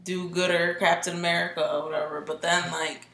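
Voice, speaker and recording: Bright-voiced easygoing woman, roomy echo. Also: fairly low pitch, level tone, fairly quick. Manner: easygoing, short agreeing replies. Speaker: podcast co-host. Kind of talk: casual chat among friends.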